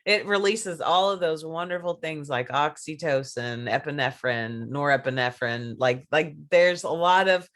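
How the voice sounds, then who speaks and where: A woman's voice: low voice, normal speed, few pauses, fairly bright tone. A woman guest in a casual podcast chat, working as an intimacy coach; she talks enthusiastically and laughs often.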